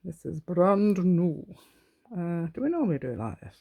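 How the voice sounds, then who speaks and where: Woman host, low-ish voice, rambling and giggly self-talk while demonstrating a craft; dry sound. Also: big pitch swings, moderate pace, vocal fry, dry recording, narrow, tinny audio. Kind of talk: chatty step-by-step craft tutorial.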